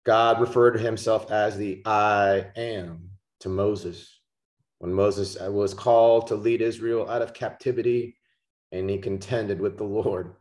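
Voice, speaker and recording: Langsamer, tiefer Prediger mit Nachdruck. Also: male voice, on the low side, fairly even intonation, darkish tone. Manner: slow, emphatic, repeats key words. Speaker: preacher. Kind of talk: sermon. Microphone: podcast microphone.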